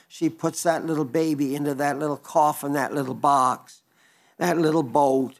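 A male pastor retelling a story in a sermon, earnest, with restarts and slow, emphatic stretches. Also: on the high side.

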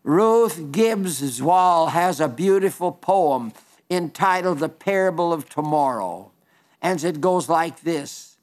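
High-voiced earnest radio preacher man. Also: expressive, a little mellow. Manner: earnest, pleading, slows for scripture and poetry. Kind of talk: radio sermon.

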